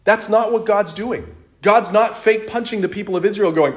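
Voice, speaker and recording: A man's voice: high-pitched, normal speed. A man preaching a sermon in a conversational way, telling stories and acting out quotes. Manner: conversational, animated storytelling with acted-out quotes.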